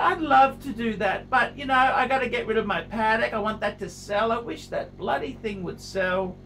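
A middle-aged man, rambling in a self-pitying vlog monologue, repeating himself with big swings in pitch. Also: a bit bright. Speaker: watch vlogger. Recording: distant mic with faint background noise.

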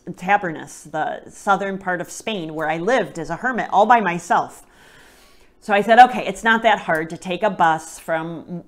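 A woman with a lowish voice hosts a podcast and shares a personal faith testimony. She tells it gently and reflectively. At tender moments her voice sinks to a hushed near-whisper. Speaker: podcast host telling a personal story.

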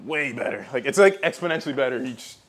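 A young man in a garage gym talking loosely and relaxed about his training. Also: medium pitch, fast. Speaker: athlete. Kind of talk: casual workout chat.

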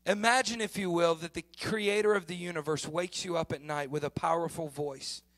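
A man's voice: fairly high pitch, steady tone, a little fast, a bit bright. A middle-aged man preaching a sermon in a conversational style that rises to emphatic peaks. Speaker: pastor.

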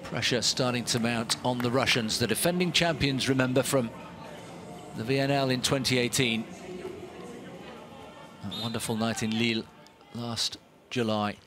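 A sports commentator with a mid-range male voice calls live play-by-play for a volleyball match at a normal speed. His animated delivery rises noticeably whenever a big point lands.

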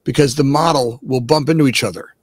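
A man's voice: mid-range voice, a little fast, no room sound. A man as a podcast guest who talks with emphasis and keeps asking "right?" to check the listener is following. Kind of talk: casual podcast interview.

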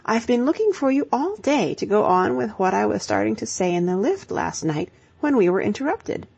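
A woman's voice: mid-range voice, sing-song, moderate pace, creaky, a little mellow, husky, highs cut off, full character voice. Woman voicing a spirited, emphatic young woman. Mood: earnest. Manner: emphatic, lecturing, exclamatory. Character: spirited young woman giving brisk advice.

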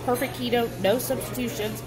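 A woman vlogger chatting casually to camera in an animated, storytelling way. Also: fairly high pitch, a little fast, music in the background, rough recording.

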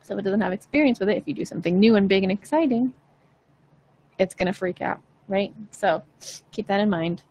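A woman's voice: medium pitch, a little fast, dark tone, lo-fi sound. A woman vocal coach chatting casually with viewers in a live Q&A, encouraging and full of fillers. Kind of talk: live-stream Q&A chat.

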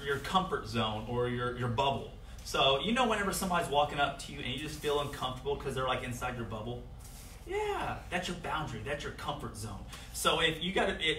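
A young man teaching children a safety lesson as a martial arts instructor, coaching energetically and shouting out example phrases for them to repeat. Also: a little high, roomy sound, recorded from a distance, a little hiss or hum.

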